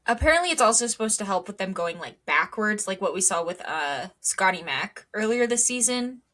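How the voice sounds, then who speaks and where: A young woman co-hosting a casual podcast speaks a little fast, her medium-pitched voice animated and somewhat bright. She rambles with lots of ums and drops wry asides.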